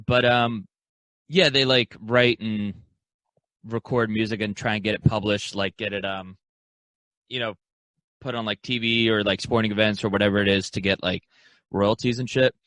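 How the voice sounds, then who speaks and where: A man's voice: on the low side, steady tone, moderate pace, long pauses, a bit bright, no echo. A young man co-hosting a podcast, talking in a laid-back, rambling way with plenty of fillers and laughs. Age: young adult. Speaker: podcast co-host. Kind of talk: casual chat.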